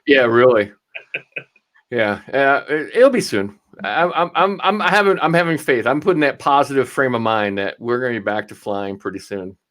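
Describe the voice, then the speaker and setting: An upbeat man hosting a podcast interview, chatty and quick to laugh. He speaks at an ordinary middle pitch. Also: a bit bright. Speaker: podcast host.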